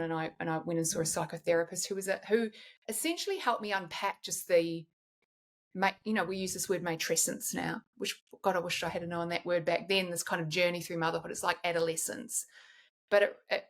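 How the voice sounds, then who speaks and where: A woman's voice: fairly low pitch, fairly quick. A woman in her forties, a guest in a candid podcast conversation, talks in a reflective way and often restarts while she searches for words.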